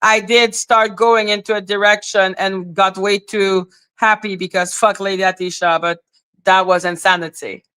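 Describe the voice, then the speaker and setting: A woman's voice: medium pitch, steady tone, normal speed, sharp tone, smooth. A woman hosting a livestream, talking bluntly and profanely in a heated rant to her chat. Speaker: livestream host.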